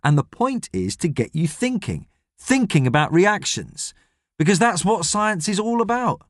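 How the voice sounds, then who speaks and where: A man voicing a gruff, grumpy middle-aged astronaut, stern and lecturing in an audiobook. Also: high-pitched, very animated, moderate pace, no room sound, clean studio sound, pitched above the performer's own voice. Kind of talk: audiobook character reading.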